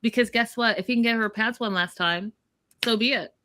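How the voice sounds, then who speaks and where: A woman's voice: on the high side, brisk, bright, forceful tone. A woman co-hosting a casual recap chat, blunt and opinionated, mocking people by quoting them in put-on voices. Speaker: podcast co-host.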